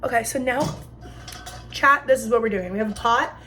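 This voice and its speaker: Faint music plays behind this New Jersey vlogger in her twenties as she cooks in her kitchen and chats through a story, full of slang and animation. Her voice is a little high and her pace moderate.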